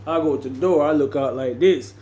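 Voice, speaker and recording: A man's voice: a little high, a little fast, warm tone, slight background noise. Slangy man telling a story. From Jamaica. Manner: slangy, conversational, loose and rambling. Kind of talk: casual storytelling.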